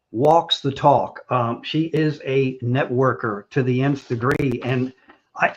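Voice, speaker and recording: A man's voice: mid-range voice, dull audio. An older man hosting a casual talk show, talking in a chatty, rambling way with restarts and little jokes. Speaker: show host.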